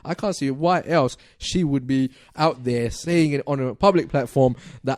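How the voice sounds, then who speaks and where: Male radio co-host, mid pitch, dry studio sound, sarcastic, loose and chatty, laughs a lot. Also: normal speed, hardly any pauses, darkish tone, dry recording. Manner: laughing, sarcastic, reads tweets aloud with many fillers. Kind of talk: casual current affairs chat.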